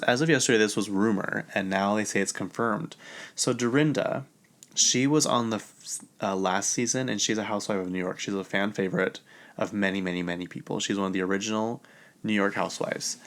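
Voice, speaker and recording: A man hosting a podcast, chatting casually and excitably about pop culture, laughing often along the way. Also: on the low side. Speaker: podcast host.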